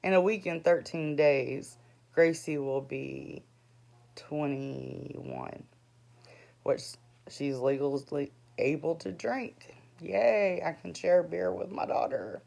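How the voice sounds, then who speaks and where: A woman's voice: deep voice, fairly even intonation, takes it slowly, gravelly, a little mellow. A woman in her forties, an author giving a rambling, earnest vlog update about her books, full of ums and restarts. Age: 40s. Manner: earnest, plain-spoken.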